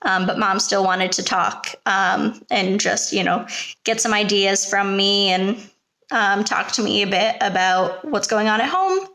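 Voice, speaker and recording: A woman's voice: mid-range voice, unhurried, bright, forceful tone. A young woman, a preschool teacher, talking casually to camera from her apartment, chatty and hesitant and full of fillers. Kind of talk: casual vlog chat.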